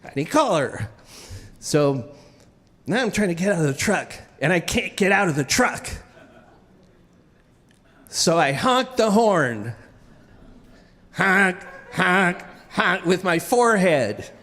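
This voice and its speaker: A man's voice: high voice, sing-song, a little slow, pauses often, fairly bright tone, in a large hall. A man telling a comic, self-deprecating story live on stage, stammering and restarting as he goes.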